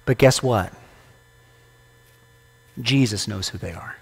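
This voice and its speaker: In a church sanctuary full of long hall reverb, a guest preacher delivers a sermon in a conversational, playful style, quizzing the congregation and tossing in humorous asides. His voice runs low and slow, slightly rough with vocal fry.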